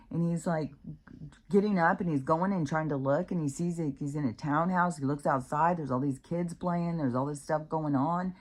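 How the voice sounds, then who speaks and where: A middle-aged woman with a low voice talks casually on her own channel. She rambles from one odd story to the next, laughing often and acting out the voices of the people in them. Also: measured pace. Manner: chatty, animated, laughs often, acts out quoted voices. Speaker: vlogger.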